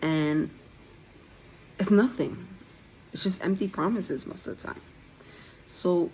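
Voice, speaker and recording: A woman's voice: fairly low pitch, creaky, darkish tone, slight background noise, rough recording. A young woman with a slight lisp, telling her own story candidly to viewers in a casual vlog. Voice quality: slight lisp from dental aligners. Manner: candid, conversational, direct to viewers. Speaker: vlogger.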